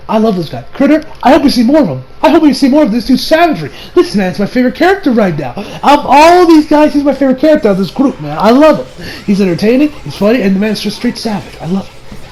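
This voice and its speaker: A young man giving a casual, excitable anime review, swearing and laughing often. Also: extremely high pitch, fast.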